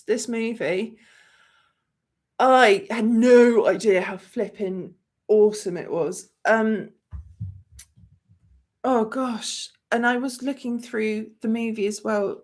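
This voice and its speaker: A woman's voice: mid-range voice, a little slow, darkish tone. A woman hosting a movie channel livestream, chatting effusively and reading viewer comments aloud. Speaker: movie review channel host. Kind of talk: casual livestream chat.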